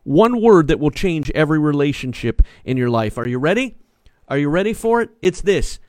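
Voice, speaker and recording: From a small studio without room sound, a pastor delivers a sermon in a slightly high, sing-song voice at normal speed. His style is emphatic and repetitive, with frequent calls to the people listening.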